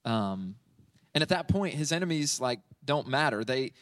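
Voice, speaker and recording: A man's voice: medium pitch, lively intonation, normal speed, fairly bright tone, no echo, distant mic. A man preaching through a psalm verse by verse in a conversational way, often checking in with "right?" between points. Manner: conversational, asks "right?" often, many fillers. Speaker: pastor. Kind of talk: teaching sermon on a psalm.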